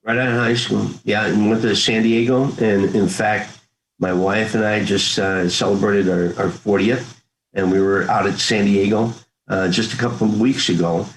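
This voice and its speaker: An older man in his sixties talks through his memories as an interview guest. He is earnest and folksy, and he slips into the voices of family members as he retells old talks. His voice sits a little low. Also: fairly even intonation, moderate pace, rough recording. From United States. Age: 60s. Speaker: interview guest, former Marine. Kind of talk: conversational storytelling.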